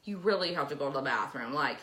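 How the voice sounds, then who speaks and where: A woman telling stories in casual chat, acting out each scene with a lively voice that swoops up and down. Her tone is bright and sharp, and the room adds a noticeable echo. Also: low-pitched, fast. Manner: animated storyteller, acts out scenes. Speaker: podcast co-host.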